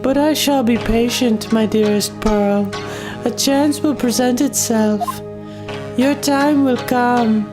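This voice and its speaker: A woman voicing a scheming, proud older woman villain in a game playthrough, talking slowly and with menace. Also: a little high, pitched above the performer's own voice, low-quality recording. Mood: gloating. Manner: slow, gloating, menacing. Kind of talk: video game voice-acting playthrough. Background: loud game music.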